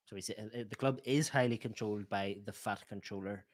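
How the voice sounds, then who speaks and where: A man's voice: on the low side, brisk, few pauses. A man co-hosting a live football watchalong, chatting casually and teasing his co-host in jokey banter. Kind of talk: casual chat.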